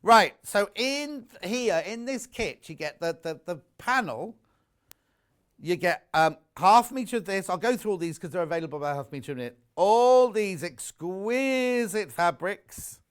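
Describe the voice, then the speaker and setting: A man's voice: sits high, expressive, moderate pace, a bit bright. A middle-aged man from the UK presenting fabric bundles on a live shopping channel, chatting in a rambling way full of jokey asides. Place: warm studio with the shutter doors open.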